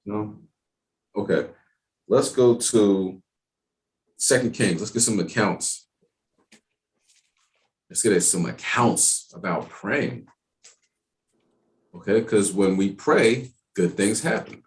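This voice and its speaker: A man teaching an evening Bible class in a casual, streetwise way, talking in animated asides. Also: fairly low pitch, slow pace, long pauses.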